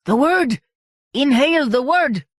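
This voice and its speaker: A woman voicing a steady, earnest male creature companion urging his friend. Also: high voice, moderate pace, no echo, exaggerated voice. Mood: urgent.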